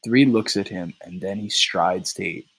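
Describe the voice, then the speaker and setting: A male teacher reading a play aloud for his class and explaining it in a relaxed way. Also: low voice, moderate pace, slightly rough, poor audio. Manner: explains terms between lines, relaxed.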